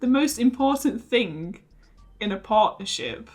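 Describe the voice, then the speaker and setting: A woman's voice: on the high side, expressive, a little slow, a little mellow. A woman hosting a casual comedy chat, reading garbled translated text aloud while trying not to laugh. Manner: giggly, stumbling over the garbled lines. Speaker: host.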